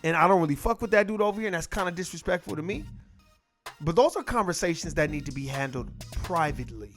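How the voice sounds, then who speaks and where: A middle-aged man holds forth in a casual monologue, blunt and full of profanity, telling stories with plenty of animation. His voice sits high for a man. Faint music plays under him. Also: expressive, quick pace.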